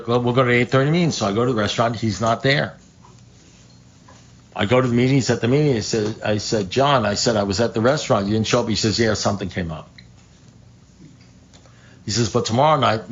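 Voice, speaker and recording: Man telling a wry recovery-meeting story. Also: on the low side. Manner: conversational, restarts and repeats, wry asides; acts out quoted dialogue. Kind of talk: storytelling talk to a live group. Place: meeting room at a recovery group. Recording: dull lo-fi room recording, faint noise.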